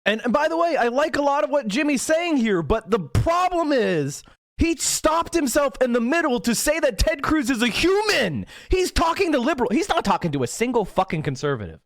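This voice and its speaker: A man on a livestream rants with angry, profane emphasis. His voice sits high for a man and swings widely up and down as he hammers each point. The sound is close and dry, with no room around it. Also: big pitch swings, moderate pace, dry recording. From Pennsylvania. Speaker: political livestream host. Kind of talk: heated livestream rant.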